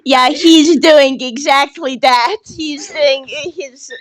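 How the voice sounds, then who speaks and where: Slow-talking high-voiced woman player. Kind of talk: casual chat.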